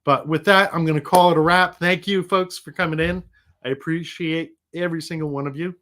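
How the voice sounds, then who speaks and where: A man's voice: a little high, fairly even intonation, brisk, fairly bright tone. A middle-aged man who is sick and recovering, hosting a casual livestream and chatting in a rambling, easygoing way, laughing now and then. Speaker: livestream host.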